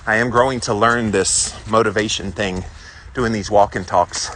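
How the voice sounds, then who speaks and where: Bright-voiced Southern man chatting on a walk. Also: fairly low pitch, steady tone, moderate pace, a little hiss or hum. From South Carolina, US. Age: 40s. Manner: chatty, rambling and upbeat while walking. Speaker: vlogger answering live viewer comments. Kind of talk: casual walk-and-talk chat. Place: outdoors on a hilly walking trail.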